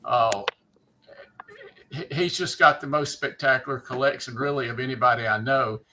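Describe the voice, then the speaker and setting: A man from Mississippi with a Mississippi Southern accent, a guest chatting casually on a livestream, halting and often restarting his sentences. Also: medium pitch, noisy background. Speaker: guest watch collector.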